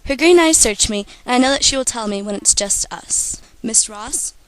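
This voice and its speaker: A teenage girl reading her own first-person story aloud in a steady storytelling manner. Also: a little high, fairly quick, clear, resonant tone, no room sound, poor audio. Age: teens. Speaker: student author.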